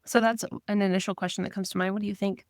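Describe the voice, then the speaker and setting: A woman's voice: mid-range voice, little pitch movement, very fast. A woman with a mid-range voice talks earnestly on a podcast, setting out plain questions one after another. The sound is dry and close, with no room echo. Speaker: fundraising coach. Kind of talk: casual podcast discussion.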